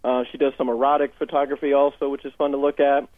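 In a mid-range, level voice, a Southern Californian life coach talks fast as a phone guest on a radio interview, sharing upbeat client stories and acting out their dialogue. His headset gives a dry, tinny sound with no echo.

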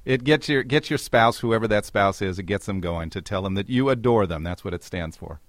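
A man's voice: lowish voice, fairly quick, dry recording, clean studio sound. A man hosting a radio interview, playful and jokey as he asks questions. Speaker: radio host.

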